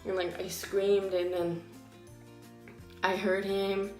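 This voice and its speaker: A teenage girl recounts a personal story for a storytime vlog, casually and with lots of filler words, acting out what people said. Her voice sits at an ordinary middle pitch. The room around her is noticeably echoey, and faint music plays underneath. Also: flat delivery, takes it slowly. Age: teens. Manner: casual, filler-heavy retelling with acted quotes. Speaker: vlogger.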